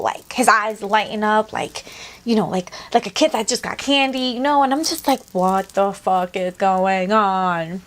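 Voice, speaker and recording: Young woman, storytime vlogger, high voice, very lively pitch, profane, casual, acts out dialogue. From Latina. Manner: animated, profane, acts out both sides of conversations. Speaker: beauty vlogger.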